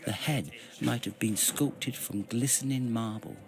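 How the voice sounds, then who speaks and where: A man reading a fantasy novel aloud in a slow, expressive storytelling manner. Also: mid-range voice. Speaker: reader. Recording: music behind.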